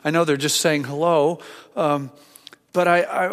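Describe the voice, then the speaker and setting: An older man preaching a sermon as a pastor, conversational and halting, with frequent restarts. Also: a little high, steady tone, fairly bright tone. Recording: long hall reverb.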